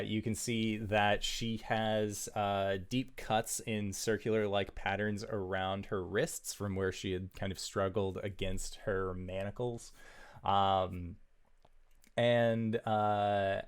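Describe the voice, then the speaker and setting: Slow, smooth-voiced male game master. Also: fairly low pitch, little pitch movement. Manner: descriptive, with many fillers. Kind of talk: narrating a tabletop game.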